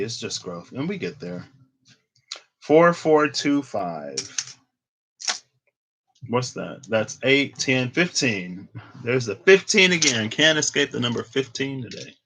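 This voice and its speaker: This tarot reader is a man with a mid-range voice that sounds pushed and bright. Reading casually to camera, he muses aloud in a relaxed, meandering style, peppered with "like" and restarts, and laughs at himself.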